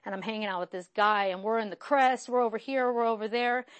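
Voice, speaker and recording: Brief: thirties woman, slightly high voice, candid and self-mocking, loose rambling testimony. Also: fairly even intonation, fast. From West Virginia. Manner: frank and self-deprecating, rambling with fillers. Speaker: recovery speaker sharing her story.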